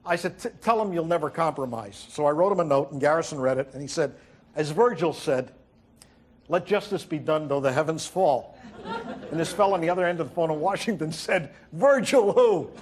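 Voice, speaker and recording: A man delivering a wry stand-up monologue as host, telling stories and acting out quotes with halting fillers. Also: fairly high pitch, noisy background. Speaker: comedian host. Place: TV studio with audience.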